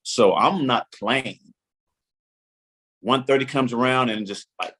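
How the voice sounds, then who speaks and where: A man's voice: mid-range voice, slow pace, long pauses, fairly bright tone. A man in his forties telling a long story as a podcast guest, acting out his own inner voice and the lines of others. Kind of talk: animated storytelling.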